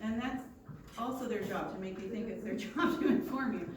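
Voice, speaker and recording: A woman's voice: on the high side, fairly quick. Woman telling a story in an echoey room. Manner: animated storytelling with acted-out quotes. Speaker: youth leader. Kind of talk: personal story told to a youth group. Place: church youth room. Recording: echoey room from far off with noise.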